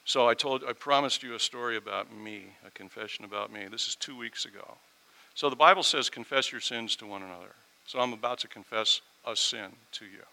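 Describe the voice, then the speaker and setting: A middle-aged man preaching a sermon, telling a personal story and swinging from quiet asides to loud, emphatic peaks. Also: medium pitch, a little fast, creaky, low-quality recording. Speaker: pastor.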